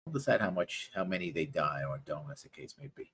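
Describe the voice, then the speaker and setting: A man narrating as game master of a tabletop game, halting and full of fillers. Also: low voice, big pitch swings, fairly bright tone, slight background noise.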